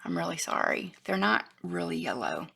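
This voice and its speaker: A woman's voice: fairly low pitch, very animated, normal speed, vocal fry, bright, forceful tone, slightly rough. A woman, chatting casually and rambling as she shows her craft supplies. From Florida, USA. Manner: chatty, rambling, trails off and restarts, drops to a whisper at times. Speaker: craft vlogger. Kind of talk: casual show-and-tell.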